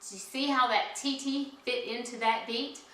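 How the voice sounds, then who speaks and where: A woman's voice: on the high side, steady tone, normal speed. A woman teaching a children's music lesson, cheerful and patient, chanting rhythm syllables. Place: indoor room at home. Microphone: camera some distance away. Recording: very echoey room, mic far off, noisy.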